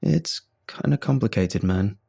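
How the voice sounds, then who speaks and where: A man's voice: lowish voice, expressive, measured pace, gravelly, warm tone, slightly rough, heavily acted. A man doing a slurred Southern California dude. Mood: awkward. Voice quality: slurred, drawling.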